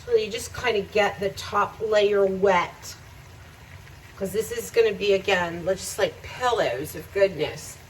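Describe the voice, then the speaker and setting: A woman's voice: mid-range voice, a little slow, recorded from a distance, a little hiss or hum, rough recording. A woman making a home cooking video, chatting to viewers as she cooks and laughing often. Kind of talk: casual cooking demonstration. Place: home kitchen.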